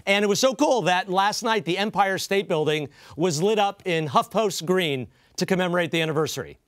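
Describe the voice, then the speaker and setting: High-voiced man doing a wry monologue. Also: animated, brisk, fairly bright tone, no echo. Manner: wry, joking, quotes others with mock emphasis. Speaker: host. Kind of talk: comedic news monologue.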